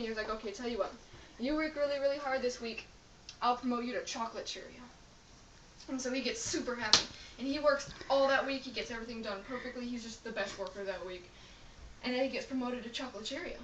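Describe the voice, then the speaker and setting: A woman's voice: fairly high pitch, steady tone, brisk, fairly bright tone, lo-fi sound, a little hiss or hum. A young woman telling a long, rambling joke to friends, in a chatty way with fillers. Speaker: joke teller. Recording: echoey room from far off.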